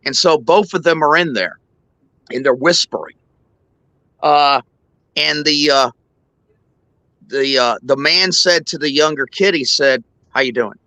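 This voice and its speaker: A man hosting a show, telling a long joke in a rambling, halting way. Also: fairly high pitch, bright, forceful tone, no room sound, low-quality recording. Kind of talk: joke telling, casual chat.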